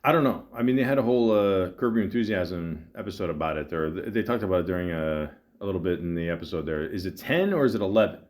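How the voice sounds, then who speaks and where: Man, low voice, podcast host, rambling monologue, halting, lots of fillers, wry sardonic asides. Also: expressive, a little mellow. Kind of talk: casual monologue.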